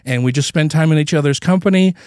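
A man's voice: fairly high pitch, darkish tone, no room sound, studio quality, voice pushed down, natural voice. A man voicing a prim, aggrieved middle-aged pastor's wife who rambles and keeps restarting her sentences. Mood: earnest. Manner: rambling, halting, self-justifying.

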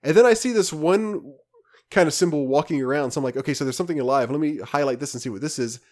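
A man's voice: fairly high pitch, quick pace. Chatty man telling a game story. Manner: rambling, animated storytelling with many restarts. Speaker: podcast co-host. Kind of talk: casual chat about video games.

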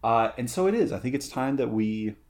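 A man co-hosts a podcast, chatting casually with a friend. His pitch moves around freely and he rambles, stacking fillers and restarting his sentences. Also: animated, fairly quick, a little mellow. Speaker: podcast co-host. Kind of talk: casual chat.

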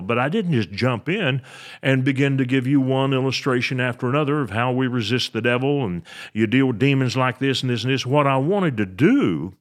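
A man teaching a sermon, reading scripture aloud and explaining it in an earnest, expository way. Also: mid-range voice. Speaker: Bible teacher.

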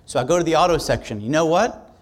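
A male pastor telling a story in a sermon, conversational and animated, acting out the dialogue. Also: on the high side, quick pace.

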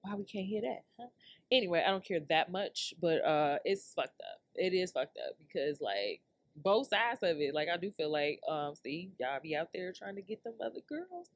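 A woman's voice: lowish voice, moderate pace, no room sound. Woman doing a solo podcast rant, slangy AAVE, laughs a lot, dry close mic. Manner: chatty, laughs often, slangy and animated. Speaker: podcast host.

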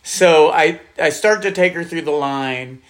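The pastor, a middle-aged man whose voice sits on the high side, takes his time as he relates a story conversationally. He laughs a lot and brings the quoted lines to life with animated impressions.

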